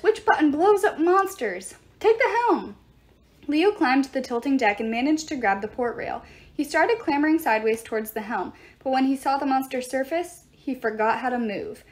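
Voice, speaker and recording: A woman reading a novel aloud in an expressive storytelling way. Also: high-pitched. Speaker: book reader.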